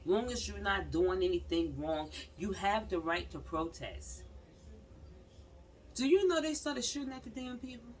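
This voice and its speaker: Talking directly to her audience, this woman vlogger gives casual, emphatic commentary on the news and keeps repeating her points. Her mid-range voice is expressive and unhurried. It's recorded on a slightly distant mic with faint background noise.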